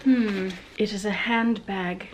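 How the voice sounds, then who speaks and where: A woman vlogs casually from home, chatting to the camera and cooing at her pets in a sing-song way. Her voice is mid-range and steady, her pace slow, with a faint hiss or hum in the recording.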